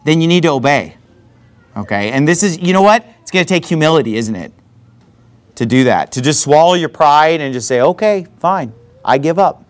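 Emphatic, high-pitched preaching man. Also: lively intonation, a little fast. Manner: emphatic, conversational preaching with repeated asides. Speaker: pastor. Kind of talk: sermon.

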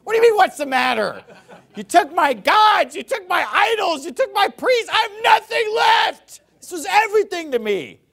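A man voicing a distraught man who has been robbed of his idols, shouting and pleading in a high, lively voice, a bit off the mic. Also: measured pace, gravelly, hardly any pauses, breathy edge, exaggerated voice. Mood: anguished.

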